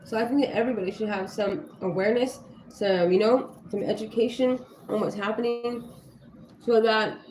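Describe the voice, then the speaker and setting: A fairly high-voiced woman talks heatedly on a livestream, blunt and quick to swear, with loose filler-heavy phrasing. Her voice rings in an echoey room over a faint ambient hiss. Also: steady tone, a little mellow. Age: adult with young children. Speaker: livestream host. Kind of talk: casual livestream talk.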